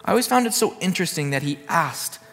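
Man, pastor, sermon, earnest, repeats for emphasis, long reverb, soft music behind. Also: on the high side, lively intonation, quick pace.

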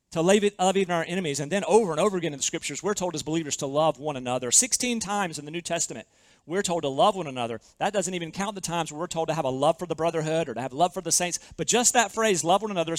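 A man with a high-pitched voice preaches a sermon, leaning hard on key words and slowing down to stress them. He keeps asking the listeners questions. The sound is close and dry, with no room echo. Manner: preaching with emphatic slowed stresses and rhetorical questions. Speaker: pastor.

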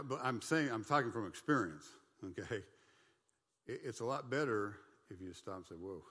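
A middle-aged man teaching a Bible study class in a folksy, animated, conversational way, with quick asides and playful mock voices. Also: fairly low pitch, big-room sound.

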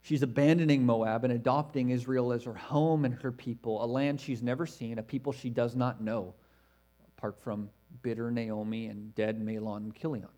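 A man preaching an expository sermon in a conversational way, swinging between emphatic stresses and hushed, quiet asides. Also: mid-range voice, steady tone, normal speed. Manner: conversational, with fillers and self-corrections.

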